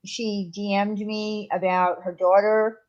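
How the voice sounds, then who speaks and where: A woman's voice: medium pitch, level tone, slow, darkish tone. A woman co-hosting a casual livestream chat, hesitant and often trailing off. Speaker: channel host. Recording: dull lo-fi sound.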